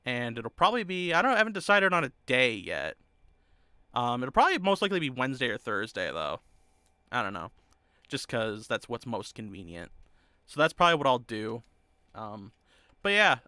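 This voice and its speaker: Man, streamer, casual rambling chat, bright crisp voice, dry close sound. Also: medium pitch, very animated, normal speed, no echo. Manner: rambling, loose, easygoing.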